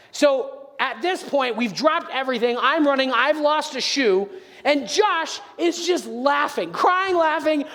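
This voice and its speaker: A man's voice: very high-pitched, fairly bright tone. A man telling a playful story in a sermon, speaking with animation straight to his listeners. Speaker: preacher. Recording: long hall reverb.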